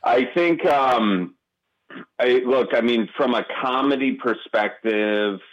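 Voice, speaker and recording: A comedian guest from Wisconsin, going by his accent, stumbles through a casual interview with many restarts and fillers. His voice is mid-range, and the recording's highs are cut off.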